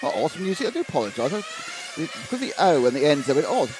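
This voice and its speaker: Fairly high-pitched and very animated, this man talks fast with few pauses, his tone a little mellow. He's giving live commentary on an RC car race, chatting loosely and reading viewer messages with side remarks, while engines roar in the noisy trackside background.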